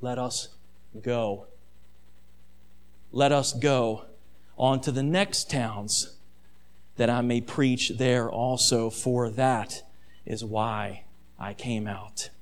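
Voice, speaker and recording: A calm, solemn male teacher, put on by a preaching man speaks slowly in a low, hushed voice. Each word is drawn out with quiet weight. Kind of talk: dramatized sermon quotation.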